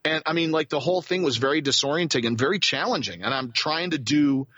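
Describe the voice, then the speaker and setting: A man who works as a voice actor, telling a rambling, animated story as a guest in a casual interview. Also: a little high, fast, no echo, muffled recording.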